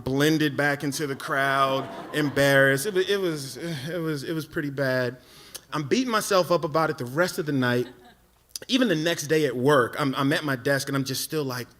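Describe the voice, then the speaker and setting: A man telling a comic personal story live on a theatre stage, animated and self-mocking, tripping over himself with quick repeats. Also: fairly high pitch, slight background noise.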